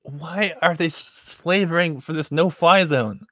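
A man's voice: fairly high pitch, slow, fairly bright tone, no room sound. A man co-hosting a casual political podcast, trading dry, cutting quips. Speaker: podcast co-host.

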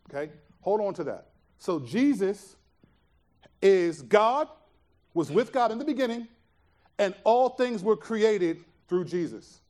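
Earnest high-voiced male preacher. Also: expressive, slow pace, long pauses, a little mellow. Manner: earnest, emphatic teaching with rhetorical questions. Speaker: pastor. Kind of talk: sermon.

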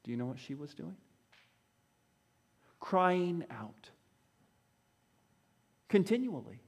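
A man's voice: on the high side, very animated, slow pace, breathy edge. A man preaching a sermon who acts out the voices of Bible figures, recorded in a church hall. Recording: long echo of a large hall.

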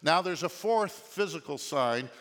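A male pastor preaching a sermon in an animated way, often asking the congregation questions. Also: on the high side, unhurried. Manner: animated, asks the congregation questions, shouts quoted lines. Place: church sanctuary. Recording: long reverb of a church hall.

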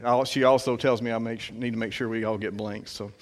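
A man gives a church sermon in an easygoing, conversational way, his voice sitting at an ordinary middle pitch. He stops and restarts often, leaning on little fillers as he reads verses and prays aloud. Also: fairly even intonation. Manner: conversational, halting, many fillers. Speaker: preacher.

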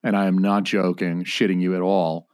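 An American man hosting a podcast, joking with his guests in a teasing, deadpan way. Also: deep voice, moderate pace, clear, resonant tone, dry recording, clean studio sound. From United States. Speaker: podcast host. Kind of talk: casual podcast banter.

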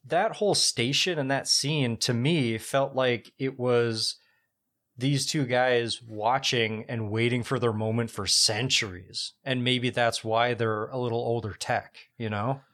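Slow rambling man on a podcast. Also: mid-range voice, fairly even intonation, fairly bright tone. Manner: rambling, many fillers, slow and searching. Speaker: podcast co-host. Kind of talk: casual podcast chat.

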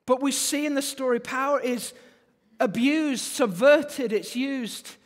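Male preacher, very high voice, animated delivery, long reverb of a hall. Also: unhurried. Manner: animated, rising and falling emphasis, repeats phrases for effect. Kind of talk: sermon.

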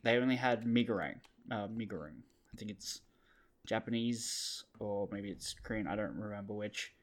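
A man's voice: on the low side, moderate pace. Easygoing Australian man, casual chat. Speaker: podcast co-host.

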